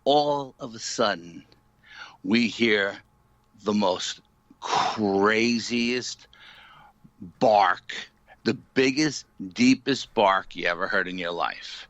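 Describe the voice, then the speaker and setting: A man being interviewed as a paranormal investigator, retelling an eerie night in an animated, dramatic way full of "you know". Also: fairly low pitch, extremely slow, dry recording, highs cut off. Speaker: paranormal investigator, podcast guest. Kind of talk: storytelling in a casual interview.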